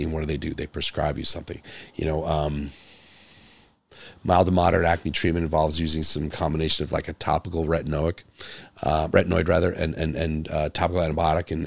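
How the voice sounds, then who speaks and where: Deep-voiced male doctor, dry close mic. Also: gravelly, no room sound. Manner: passionate, repeats words, rhetorical questions; grows louder and higher when exasperated. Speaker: podcast host, doctor. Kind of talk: solo podcast monologue.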